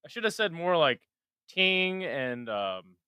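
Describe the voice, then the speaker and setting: A man casually hosts a live stream, swearing and joking at his own expense. His voice is bright and lively, with a smooth, clear tone. It sounds close and dry. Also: fairly high pitch, slow pace, dry recording. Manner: profane, self-mocking, mutters to himself. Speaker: livestream host.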